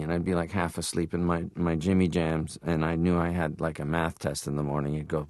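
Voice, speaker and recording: A man's voice: low voice, fairly even intonation, brisk, few pauses, darkish tone, dry recording, studio quality. A middle-aged man from Canada, a guest actor telling stories in an interview, now and then slipping into playful impressions. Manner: storytelling, slips into playful impressions. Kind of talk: reflective interview conversation.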